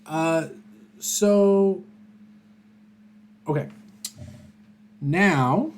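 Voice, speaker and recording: A man with a fairly high voice and drawn-out words serves as game master in a tabletop role-playing game. He speaks casually, chuckling and using lots of filler words.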